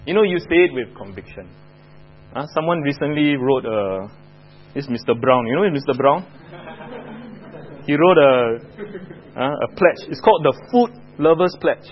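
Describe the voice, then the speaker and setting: A man's voice: a little high, animated, normal speed, long pauses, lo-fi sound, slight background noise. A man with a Singaporean English accent teaching a Bible lesson to children, chatting and asking the class questions.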